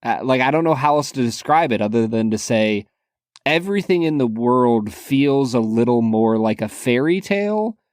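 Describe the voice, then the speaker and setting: In a casual podcast chat, a male co-host rambles with frequent fillers and restarts. His medium-pitched, darkish voice has lively intonation and moves at a normal speed. Clean studio audio, no room sound.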